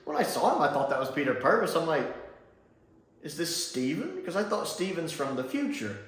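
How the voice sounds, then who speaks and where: A man from Mississippi chatting casually as he reviews a show, lively and laughing often. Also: on the high side, fast. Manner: animated and chatty, laughs often, does mocking voices. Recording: echoey room.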